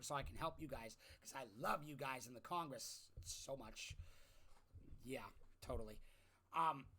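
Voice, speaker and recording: A young man ranting through an exasperated political commentary, jumping from loud outbursts to low muttering. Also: creaky. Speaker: commentary vlogger. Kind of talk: opinionated political rant.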